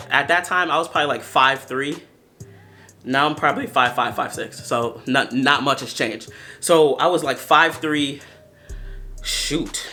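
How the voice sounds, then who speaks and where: A man in his twenties telling a story to the camera in a casual, slangy, animated way, often talking straight to his viewers. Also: medium pitch. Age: 20s. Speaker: storytelling vlogger.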